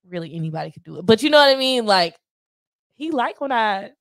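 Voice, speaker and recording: A woman's voice: fairly high pitch, brisk, no echo. Chatty woman in her twenties, dry sound. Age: 20s. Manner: chatty, animated, lots of "you know what I mean". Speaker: podcast guest. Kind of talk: casual chat.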